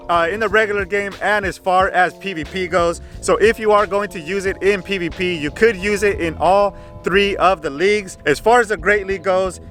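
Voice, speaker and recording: Man, higher voice, bright tone, casual game guide talk, faint music behind. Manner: chatty, repeats "go ahead", frequent "uh" fillers. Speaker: gaming channel host.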